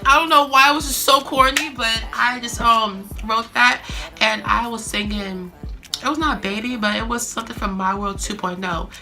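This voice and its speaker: A young adult woman vlogger telling a story in a chatty, animated way, full of fillers. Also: on the high side, moderate pace, over music. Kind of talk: casual storytime.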